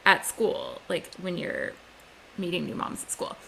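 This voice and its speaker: Gravelly-voiced woman podcast host. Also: fairly low pitch, huge pitch swings, a little slow, bright, forceful tone, a little hiss or hum. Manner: chatty, jokey asides. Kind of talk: casual interview chat.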